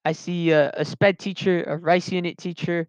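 A man's voice: high-pitched, little pitch movement, moderate pace, dry recording. A young man in his late teens telling a personal story casually, rambling with lots of restarts and fillers, on a dull lo-fi recording.

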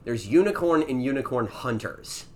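A man's voice: mid-range voice, animated, normal speed, slight background noise. A man co-hosting a podcast in casual chat, blunt and profane, laughing often and cutting in. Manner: blunt, profane, laughs often, jumps in over the other speaker. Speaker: podcast co-host.

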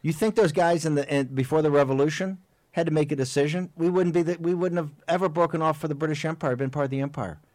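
A man's voice: a little high, quick pace, darkish tone, no room sound. A man hosting a political talk show, delivering an impassioned, rambling monologue full of emphatic repetition. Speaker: host.

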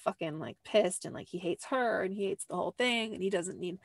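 Recorded dry on a close desk mic, this woman talks fairly quickly at a medium pitch and barely pauses. She hosts a podcast from a cramped little room, recapping a show in casual chat that rambles with lots of "like" fillers and apologetic asides.

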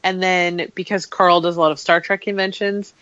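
A woman's voice: fairly low pitch, level tone, moderate pace, a bit bright, dry recording. A woman joining a podcast panel, chatty and ready to explain things at length. Her voice comes through dry and a bit dull, like a lo-fi remote connection. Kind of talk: casual podcast chat.

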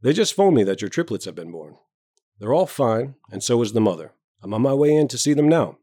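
A man reading a story aloud, voicing a towering, self-important male doctor with a booming, hearty manner. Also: sing-song, fairly quick, dark tone, no room sound, clean studio sound. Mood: jovial. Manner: hearty, booming, bluff joviality.

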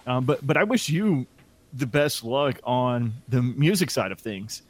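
A man's voice: medium pitch, expressive, a little slow, dry recording. A man in radio chatting casually and enthusiastically, often stumbling over repeated words as he starts sentences. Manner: enthusiastic, stammering restarts. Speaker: radio presenter. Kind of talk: casual chat.

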